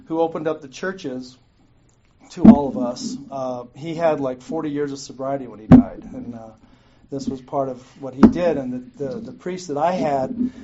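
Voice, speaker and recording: A man's voice: medium pitch, normal speed. A middle-aged man telling his own recovery story to a meeting, candid and profane, often laughing at himself. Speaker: guest speaker at a recovery meeting. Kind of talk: personal recovery story told to a group. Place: meeting room. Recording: muffled lo-fi recording with clear noise.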